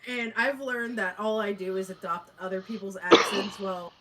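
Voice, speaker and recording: A young woman in easy podcast chat, her voice at a middling pitch and laughter slipping into her sentences. The recording carries a clear hiss of background noise throughout. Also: steady tone, normal speed. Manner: giggly, laughs often while talking. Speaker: podcast co-host. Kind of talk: casual chat.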